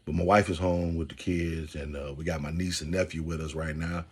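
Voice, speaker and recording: A man in his thirties hosts a casual podcast, delivering an animated, preacherly monologue straight to his listeners. His voice is low and rumbling, husky, and a little quick.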